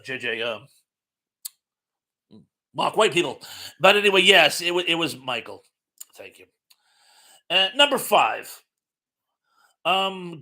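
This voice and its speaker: A man's voice: on the high side, sharp tone. A middle-aged man hosting a casual live-stream trivia chat, reading out quiz questions and viewer comments, chatty and self-mocking, laughing often and stumbling over his words.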